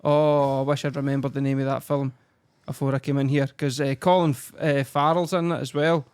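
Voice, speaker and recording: A man's voice: mid-range voice, level tone, fairly quick, darkish tone, clean tone. A Scottish man in his late thirties co-hosting a casual podcast, grumbling and swearing through a comic rant. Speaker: podcast co-host.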